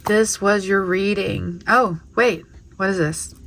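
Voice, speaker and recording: A woman's voice: mid-range voice, steady tone, slow, creaky, a bit bright, slight background noise. A woman tarot reader giving an emotional spiritual reading to camera, tearful and gushing with heartfelt affirmations.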